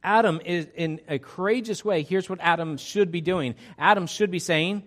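A man's voice: high voice, moderate pace. Upbeat pastor man, chatty sermon. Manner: energetic, chatty, frequent restarts. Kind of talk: interactive sermon.

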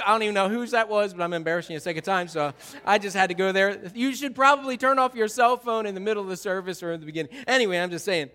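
A male pastor delivers a sermon in a church sanctuary, speaking into a stage microphone. His voice sits high and sounds bright and forceful. He tells the story in an animated way, jumping from loud outbursts down to soft, quiet remarks. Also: fast.

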